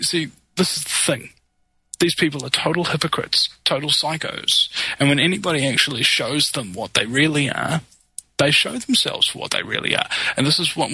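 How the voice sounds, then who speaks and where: A man's voice: on the high side, gravelly, bright, forceful tone, breathy edge, no room sound, rough recording. A man in casual chat, indignantly reading out hostile messages with frequent fillers.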